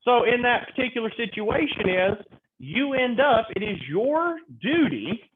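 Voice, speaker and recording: A man lecturing a real estate class, acting out clients and agents in quick animated stories. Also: extremely high pitch. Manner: animated storytelling, role-playing clients in quotes. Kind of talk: classroom lecture with acted-out examples. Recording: tinny phone-like audio with faint noise.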